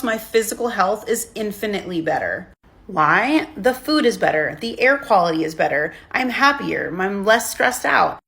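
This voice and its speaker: A woman's voice: medium pitch, creaky, a bit bright. A woman giving a talking-head vlog, emphatic, setting out her points one by one. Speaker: expat vlogger.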